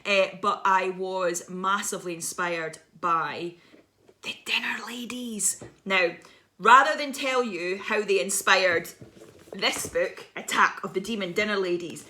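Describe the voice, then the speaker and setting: A woman's voice: medium pitch, unhurried, pushed and bright. A woman in her thirties, a visiting children's author, telling a playful, dramatic story to schoolchildren over a video message.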